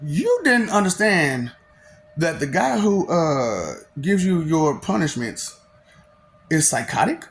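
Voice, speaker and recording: A man's voice: on the high side, very animated, slow pace, creaky, slight background noise. A man delivering a taunting, slangy monologue, laughing often between lines.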